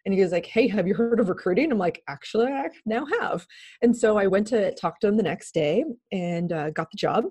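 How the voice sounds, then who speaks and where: Here a recruiting firm founder in her thirties, appearing as a podcast guest, spins casual stories in a medium-pitched, slightly rough voice. She talks briskly with few pauses, stays animated, laughs a lot, and performs other people's lines when quoting them.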